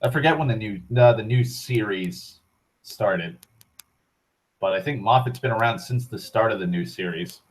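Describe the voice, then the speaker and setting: A young man hosting an online talk show, rambling casually with frequent profanity, restarts and excited tangents. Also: lowish voice, normal speed, rough recording. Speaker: internet talk show host.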